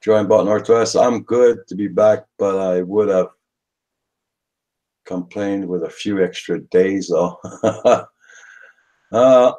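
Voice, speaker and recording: Casting: lower-voiced male host, easygoing, greets and signs off viewers. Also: takes it slowly, long pauses, warm tone. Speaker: co-host of a live drone chat stream. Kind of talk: casual live-stream chat.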